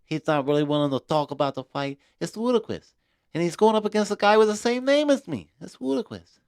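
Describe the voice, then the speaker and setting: A man doing an impression of a famous heavyweight boxer, pitching his voice up high and strained, close to the mic in a dry room. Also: expressive, fairly quick, darkish tone, clear, resonant tone, no echo. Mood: exasperated.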